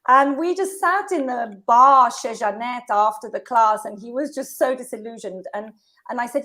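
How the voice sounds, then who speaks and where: A woman in her fifties, a guest telling stories in a casual conversation, animated and laughing often. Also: a little high, moderate pace.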